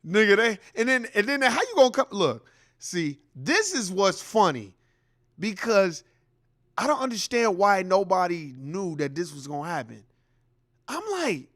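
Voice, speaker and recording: A man rants through a reaction commentary in a high, lively voice that leaps up and down. He is heated and profane. He keeps circling back to the same points. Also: a little slow. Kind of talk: casual ranting commentary.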